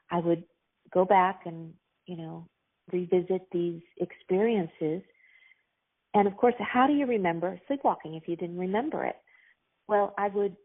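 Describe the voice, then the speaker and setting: A middle-aged woman, an author and actress, telling stories earnestly and reflectively in an interview, with many pauses and restarts. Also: on the low side. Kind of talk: casual interview storytelling. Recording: tinny phone-like line.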